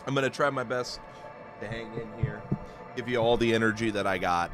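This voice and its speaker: A man who is under the weather, casually commentating a game playthrough with joking, self-deprecating asides. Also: fairly low pitch. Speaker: gaming streamer. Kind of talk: casual let's-play commentary.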